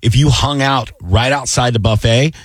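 A man co-hosting a radio show, telling quick joking anecdotes in casual banter at a studio mic. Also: medium pitch, dry recording. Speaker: radio co-host.

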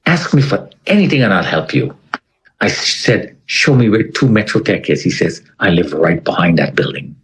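A man's voice: low voice, very animated, normal speed, rough recording. A man telling a personal story in conversation, acting out other people's lines. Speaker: interview guest.

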